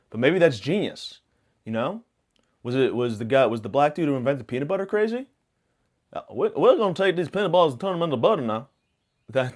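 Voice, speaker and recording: A man hosting a podcast, rambling through a self-mocking comic monologue full of absurd tangents and deadpan hot takes. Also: mid-range voice. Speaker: podcast host.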